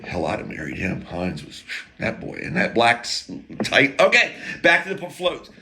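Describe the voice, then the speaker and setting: A man's voice: medium pitch, wildly swooping pitch, moderate pace, background noise. An American man telling a rambling, profane story in a casual monologue, full of jokey asides and broken-off sentences. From United States.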